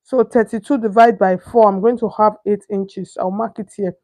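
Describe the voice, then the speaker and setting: Speaking at normal speed with medium pitch, a dark tone and fairly even intonation, a young Nigerian woman demonstrates pattern cutting one step at a time. She teaches sewing in a chatty way, keeps asking "can you see?" and sometimes gropes for the right word.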